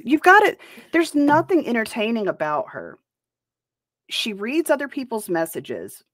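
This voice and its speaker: A woman's voice: on the high side, wildly swooping pitch, measured pace, fairly bright tone, dry recording, studio quality. A woman hosting a reaction commentary show, talking in a blunt and profane way. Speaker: host.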